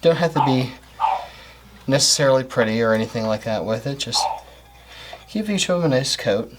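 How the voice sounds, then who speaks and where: A man's voice: mid-range voice, animated, normal speed, very noisy. Chatty guy hosting a baking show in his kitchen, voice bounces up and down, pans clattering around. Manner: upbeat, chatty, explains steps as he works. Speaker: cooking show host. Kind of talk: casual cooking demonstration. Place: home kitchen.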